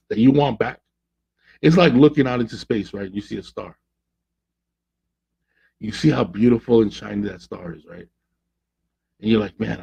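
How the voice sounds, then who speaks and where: A man's voice: mid-range voice, vocal fry, a little mellow, breathy edge, lo-fi sound. A man hosting a podcast, giving relationship advice in a preachy monologue and acting out quoted voices. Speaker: podcast host.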